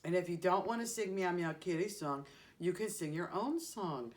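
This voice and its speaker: A woman who entertains children, speaking to young kids in a gentle, sing-song way with exaggerated emphasis. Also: on the low side, expressive, moderate pace.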